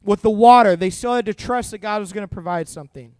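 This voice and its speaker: A young man delivers a sermon to a youth group in a high, bright register. He is animated and jokey, slipping into playful voices for the people in his stories. The sound is dry and close. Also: fast, smooth, no room sound. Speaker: youth pastor. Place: church youth room.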